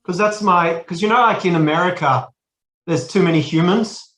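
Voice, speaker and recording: A man's voice: high-pitched, normal speed, a bit bright, echoey room. An Australian man in his forties, a podcast guest, talking casually and rambling with many restarts. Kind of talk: casual chat.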